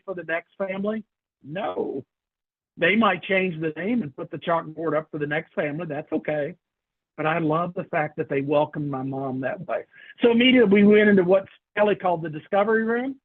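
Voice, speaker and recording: A keynote speaker, a man with a high-pitched voice, tells a story to an audience in an animated way, performing the voices of its characters. The recording is dry, with narrow, tinny audio.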